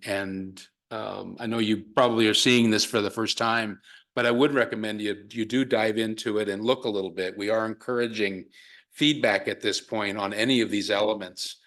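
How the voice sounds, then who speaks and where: A man walks a town commission through plans at a public meeting, pausing often and restarting his sentences. His voice sits low and carries a gravelly edge. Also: steady tone, a bit bright. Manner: hesitant, many fillers and restarts. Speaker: consultant presenting to a town commission.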